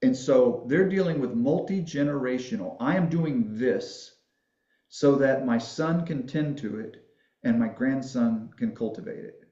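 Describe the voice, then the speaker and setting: A man's voice: mid-range voice, unhurried, warm tone, reverberant, lo-fi sound. A man guest on a podcast, telling folksy, rambling stories in casual conversation and laughing at his own jokes. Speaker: podcast guest, family history filmmaker.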